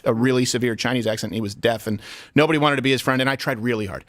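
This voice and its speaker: A man hosting an opinionated talk show, mocking and excitable as he riffs and argues with his guests. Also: mid-range voice, rapid-fire. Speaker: host.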